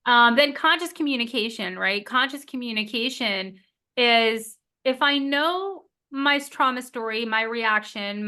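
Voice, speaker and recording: A woman therapist explaining relationship skills in a podcast interview, animated and acting out quoted lines. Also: a little high, clean tone. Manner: animated, acts out quoted voices of clients. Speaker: marriage and family therapist guest.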